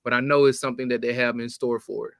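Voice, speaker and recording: A man's voice: medium pitch, level tone, fast, vocal fry, clear, resonant tone, dry recording, studio quality. A man co-hosting a casual live sports chat, laid-back and slangy, with some trash talk. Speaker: co-host.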